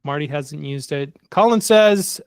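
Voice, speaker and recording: A man with a fairly high voice reads viewer comments aloud on a live stream, recorded close and completely dry. He slips in wry little jokes between the comments in a relaxed, chatty way. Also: measured pace, clear, resonant tone, no room sound. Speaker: co-host reading viewer comments. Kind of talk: casual live-stream chat.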